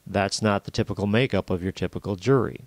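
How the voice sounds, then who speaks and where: A man with a lowish voice delivers a recorded university lecture, explaining things plainly and patiently with the odd "uh" and "um". The sound is close and dry, with no room around it. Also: quick pace, no echo. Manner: plain explanatory, with frequent fillers.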